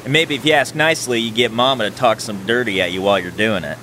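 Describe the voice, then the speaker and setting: A man voicing a crude, rowdy young party guy who talks loud and swaggering. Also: fairly low pitch, fast talker, noisy background, natural voice.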